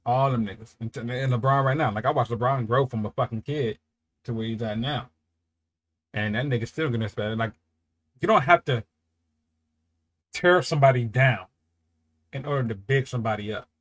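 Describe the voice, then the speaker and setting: A man hosts a music reaction, casual and excitable, cursing often and lurching between quiet muttering and loud outbursts. He speaks at a moderate pace with frequent pauses.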